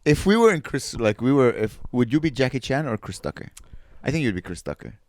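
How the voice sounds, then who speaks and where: A young man co-hosting a casual comedy podcast, teasing his friend and laughing a lot, then recapping his tour in a relaxed way. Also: medium pitch, a little fast, dry recording. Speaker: podcast co-host, touring comedian.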